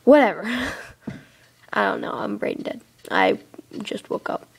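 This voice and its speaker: A woman talks her way casually through a building game, rambling and giggling, then breaking into excited squeals. Her middle-pitched voice has a gravelly fry to it. She sits in a dark room, picked up by a tablet's built-in mic. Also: takes it slowly. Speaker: let's play host. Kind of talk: casual gameplay commentary. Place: dark room, sitting in a big armchair. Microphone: tablet microphone.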